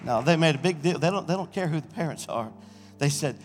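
A middle-aged senior pastor, preaching an exuberant sermon and shouting praise in a church sanctuary. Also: male voice, on the high side, lively intonation, fast. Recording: reverberant church hall.

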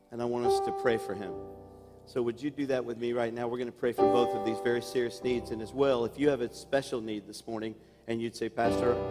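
A senior pastor giving church announcements and leading an earnest, emotional prayer that grows fervent. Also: male voice, mid-range voice. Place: large church sanctuary. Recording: live church recording with long reverb and music behind.

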